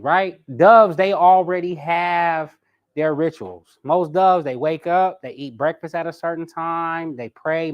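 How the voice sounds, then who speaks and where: A man teaching a live personality class in a lively way, talking straight to his audience. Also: on the high side, muffled recording. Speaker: personality coach.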